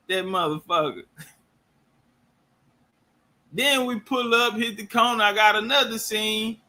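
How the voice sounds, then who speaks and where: A man's voice: high voice, sharp tone. A man giving loose, profane reaction commentary and telling stories.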